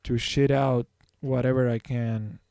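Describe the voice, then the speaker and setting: A man's voice: medium pitch, level tone, unhurried, vocal fry, warm tone, no room sound, studio quality. A man streaming his drawing, talking casually to himself and his viewers in a rambling, self-correcting way. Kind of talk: casual thinking-aloud while drawing.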